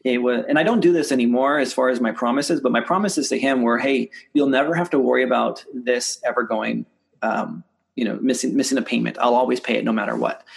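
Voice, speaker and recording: A man, a real estate investor, telling deal stories in a casual interview, restarting sentences and acting out quoted dialogue in a lively way. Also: fairly quick, vocal fry. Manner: animated, acts out quoted dialogue with rising pitch; many restarts and repeated words.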